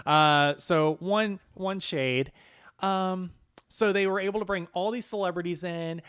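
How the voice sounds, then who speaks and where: Man, podcast co-host, animated, sweary, laughs a lot, fairly high voice, dry close sound. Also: unhurried, clear, resonant tone, no room sound. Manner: animated, profane, laughing often. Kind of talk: casual chat.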